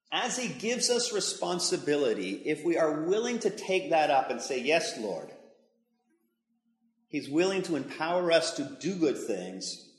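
A man preaching a sermon as pastor, conversational and emphatic, speaking in a church hall. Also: a little high. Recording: echoey hall with long reverb.

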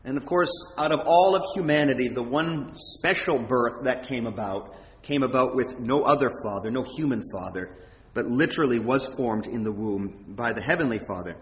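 A man preaching a sermon in a conversational, animated way, his voice rising high when he quotes prayers. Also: moderate pace. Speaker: pastor. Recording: echoey hall, dull sound.

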